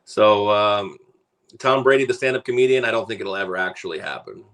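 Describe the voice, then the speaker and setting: A man's voice: fairly low pitch, brisk. Laid-back male sports talk co-host. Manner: relaxed, rambling, frequent "uh" and "so". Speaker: radio show co-host.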